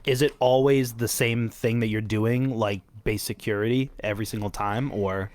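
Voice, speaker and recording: A man's voice: lowish voice, fairly even intonation, moderate pace, a little mellow. A man hosting a podcast, asking loose, rambling questions in casual conversation. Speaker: podcast host. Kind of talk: casual interview chat.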